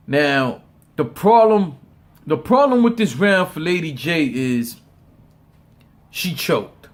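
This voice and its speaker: A man with a voice pitched a touch above the usual talks through a battle rap in a loose, profane, off-the-cuff way. He stumbles over repeated words and laughs often as he gives his opinion. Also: lively intonation, slow, long pauses. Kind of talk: casual opinion commentary.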